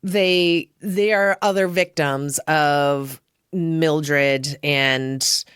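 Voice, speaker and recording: A woman with a low, smooth voice hosting a casual film podcast. She chats loosely, swears freely and laughs a lot. The sound is close and dry. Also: fairly even intonation, very slow, fairly bright tone, dry recording. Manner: chatty, profane, laughs often. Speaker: podcast host.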